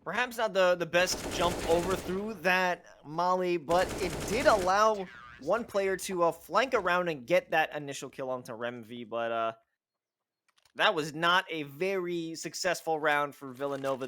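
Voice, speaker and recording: A man calling live esports play-by-play, excitable, pushing his voice up on big plays. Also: on the high side, moderate pace. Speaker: play-by-play caster.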